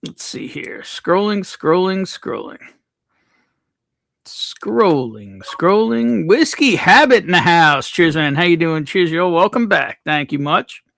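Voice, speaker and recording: A man's voice: high voice, expressive, slow pace, gravelly, a bit bright. A man hosting a casual livestream, reading out viewers' names from the chat and greeting them one by one. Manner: reads chat names aloud, laid-back. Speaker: livestream host.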